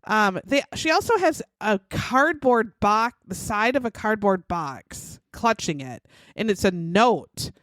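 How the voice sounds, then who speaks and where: A woman's voice: medium pitch, expressive, slow pace, few pauses, fairly bright tone, no room sound. A woman hosting a podcast, telling a true crime story casually, swearing freely and acting out the quotes. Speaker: podcast host.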